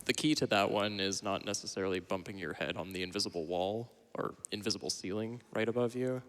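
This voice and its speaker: Relaxed man explaining speedrun tricks. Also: lowish voice, a little fast, a little hiss or hum. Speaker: couch commentator. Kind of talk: live speedrun commentary.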